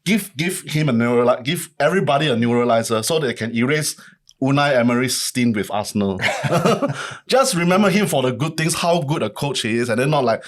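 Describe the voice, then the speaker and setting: A man co-hosting a football chat show at a plain middle pitch. He chuckles often and trips over his own sentences as he builds a point. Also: animated. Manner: laughs easily, halting restarts. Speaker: football podcast co-host. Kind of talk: casual chat.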